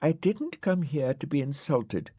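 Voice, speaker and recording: A man's voice: a little high, big pitch swings, measured pace, mellow, no room sound, pitched above the performer's own voice. A polite, innocent little girl asks questions in a raised, lilting voice, as a man puts her on. She sounds earnest and easily hurt. The recording is close and dry. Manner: wide-eyed, polite, easily offended.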